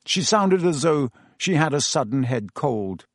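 Man reading an audiobook, lively. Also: medium pitch, moderate pace, hardly any pauses, no room sound, studio quality. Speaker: audiobook narrator. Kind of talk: scripted narration.

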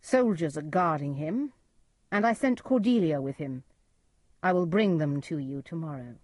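Woman reading cold scheming nobleman, low and dark, curt. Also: expressive, moderate pace, no room sound. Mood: commanding.

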